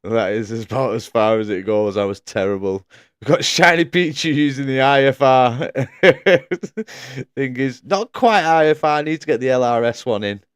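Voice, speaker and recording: A man's voice: medium pitch, a little slow, clean tone, no room sound, studio quality. A man commentating a sim racing league live stream, chatting casually, laughing often and reading out viewers' messages.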